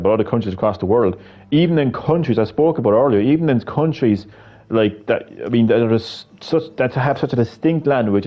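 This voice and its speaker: A man's voice: lowish voice, highs cut off. An Irish man giving a casual, rambling opinion monologue full of fillers and swearing. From Ireland. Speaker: video creator.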